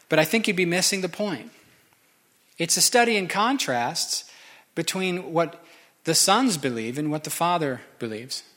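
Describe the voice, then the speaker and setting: A man's voice: a little high, fairly bright tone. A man preaching a sermon, conversational and joking with the congregation. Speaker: pastor.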